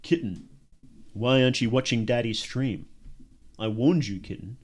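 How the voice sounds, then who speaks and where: A man putting on a low, hushed voice as a possessive man crooning at his "kitten", in a joking livestream bit. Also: lightly acted. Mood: mock menacing. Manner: slow, hushed, menacing croon. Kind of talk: parody voice on a livestream.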